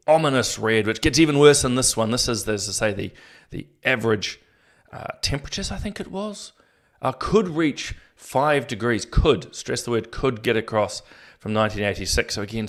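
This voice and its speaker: A man's voice: medium pitch, a bit bright. A man hosting a casual solo commentary show, talking to viewers in a rambling, self-deprecating way with many fillers and restarts.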